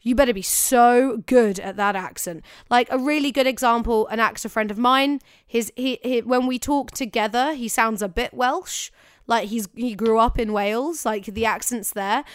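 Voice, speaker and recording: A young woman with a bright, higher voice and a smooth, clear tone chats emphatically, doubling back on her words. She sounds dry and close to the mic. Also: moderate pace, dry recording. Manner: chatty, emphatic, self-correcting. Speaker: podcast co-host giving acting advice. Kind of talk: casual chat.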